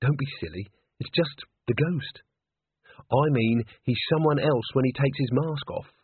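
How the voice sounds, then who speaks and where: A man's voice: medium pitch, unhurried, husky, no echo. A man doing a soothing young organist. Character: soft-spoken reassuring young male organist. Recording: tinny narrow phone-like sound.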